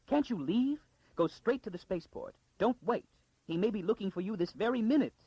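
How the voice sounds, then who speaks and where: A man doing a frantic pleading noblewoman, high and husky. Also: lively intonation, brisk, dark tone, no echo, muffled recording, full character voice. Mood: frantic urging. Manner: urgent, breathless pleading.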